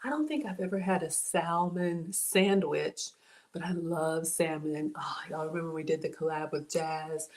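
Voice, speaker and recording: A woman's voice: low voice, moderate pace, a little mellow. Bubbly woman hosting a cooking livestream. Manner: bubbly, laughs often, reads viewer comments aloud. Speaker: home cook livestream host. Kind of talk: casual cooking livestream chat.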